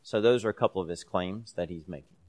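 A man's voice: sits low, quick pace, a little mellow. A man leading a Bible class in a conversational way, reading scripture aloud with emphasis between casual explanations. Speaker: Bible study teacher.

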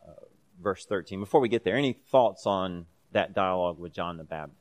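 A man's voice: low voice, fairly quick. A man leading a Bible class in a conversational way, reading scripture aloud with emphasis between casual explanations. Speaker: Bible study teacher.

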